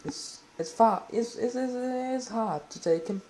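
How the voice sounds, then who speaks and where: A man giving live commentary while playing a football video game, exclaiming and swearing excitedly at the action. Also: very high voice, unhurried, slight background noise.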